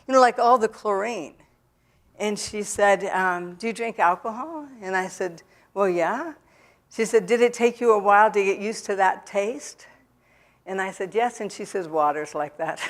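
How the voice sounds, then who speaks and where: A middle-aged woman giving a personal testimony in a church, talking candidly and plainly, with many fillers and restarts as she tells her story. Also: medium pitch. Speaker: recovery speaker. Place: church hall.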